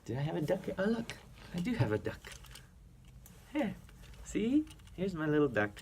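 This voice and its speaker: A man reading a children's picture book aloud to a young child as a reading teacher, playful, with animal sounds and soft whispers. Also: high voice, big pitch swings, normal speed, long pauses, slight background noise.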